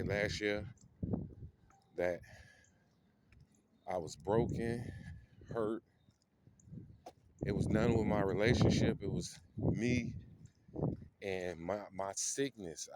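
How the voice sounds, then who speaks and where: A man with a fairly low voice speaks very slowly, teary-eyed and raw, circling back over his own words. He films on his phone while walking outdoors. Traffic noise runs clearly behind him. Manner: slow, emotional, repeats phrases, street slang. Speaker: vlogger. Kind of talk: walking vlog, personal storytelling. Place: outdoors on a city street, walking. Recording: outdoor street noise, passing cars.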